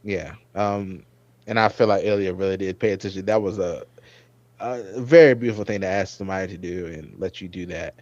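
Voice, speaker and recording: A man's voice: low voice, brisk, darkish tone, dry recording. A man hosting a casual episode review chat, animatedly retelling scenes and acting out the characters' lines. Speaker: host. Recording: dull, dry lo-fi mic sound.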